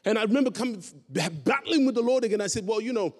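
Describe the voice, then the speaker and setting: High-voiced preacher man in a reverberant hall. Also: very fast. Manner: storytelling, acting out dialogue, emphatic. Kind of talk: sermon.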